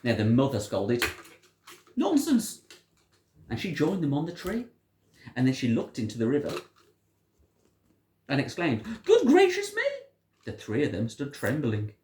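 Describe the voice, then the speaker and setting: A storyteller reading a picture book aloud to a child, with a pitch that rises and falls in a lively, sing-song way. The voice sits in a middle register, and the room gives it a roomy echo. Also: moderate pace, pauses often. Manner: animated, sing-song telling.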